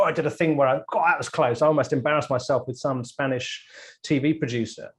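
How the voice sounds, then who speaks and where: Man telling lively anecdotes. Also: a little high. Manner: storytelling, lively, quick to jump in. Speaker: F1 presenter. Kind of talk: casual anecdotal chat.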